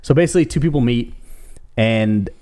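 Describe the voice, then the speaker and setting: A man co-hosting a casual chat show, relaxed and chatty, passing along strange news stories. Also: mid-range voice, brisk. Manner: relaxed storytelling, sharing odd news stories. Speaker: podcast co-host.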